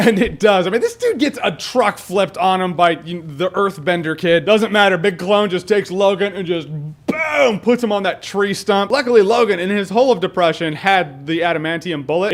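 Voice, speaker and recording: A young man with a high voice talks through a film in a casual spoiler review. He gets excitable, swears freely and drops into quick mock quotes of other people. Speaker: movie reviewer.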